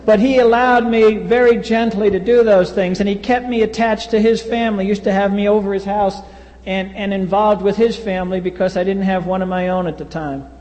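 A man's voice: high voice, fairly even intonation, a little fast, a little mellow. A man, telling a blunt, wry personal story at a recovery meeting. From US East Coast. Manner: wry, blunt, acts out quoted voices. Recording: reverberant hall.

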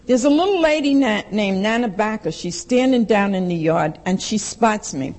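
A woman's voice: mid-range voice, lively intonation, normal speed, a little mellow, low-quality recording. A woman giving a blunt, emphatic personal testimony to a recovery meeting and repeating lines for stress.

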